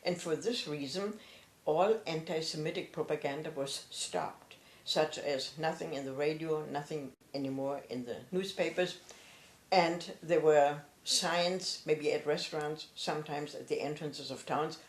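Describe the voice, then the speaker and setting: An older woman from Germany, recounting her own memories in a halting, reflective way with frequent pauses and fillers. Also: low voice, steady tone, roomy sound. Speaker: author and retired professor. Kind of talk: personal recollection.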